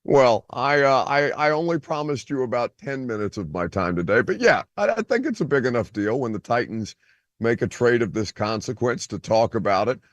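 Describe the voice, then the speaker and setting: A man's voice: medium pitch, animated, moderate pace, no room sound. A man hosting a sports radio show, calling in over a video call from a beach on vacation, teasing and mock-indignant. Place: outdoors by a beach.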